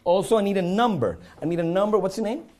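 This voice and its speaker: A man's voice: sits high, lively intonation, quick pace, a little mellow. A man from Puerto Rico with a Puerto Rican accent, performing a live magic show on a studio stage and joking theatrically with the audience.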